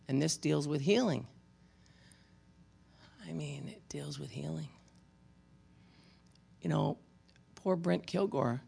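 A pastor preaching a sermon, shifting between emphatic exhortation and quiet storytelling, speaking to the congregation by name. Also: mid-range voice, vocal fry. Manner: addresses congregation members by name, with wry asides.

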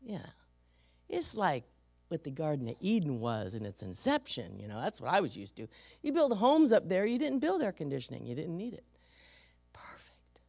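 A middle-aged woman preacher from San Francisco delivers her sermon through personal stories, her voice a touch low and gravelly. She lets her pitch rise and fall widely and punches the voices of the people she quotes. The sound is close and dry, with no room around it. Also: sing-song, normal speed, a little mellow, no room sound. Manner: storytelling, acts out quoted voices, emphatic.

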